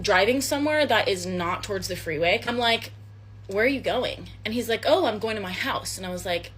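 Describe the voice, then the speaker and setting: A young woman casually telling a first date story, chatty and animated, acting out the dialogue. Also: a little high, slight background noise.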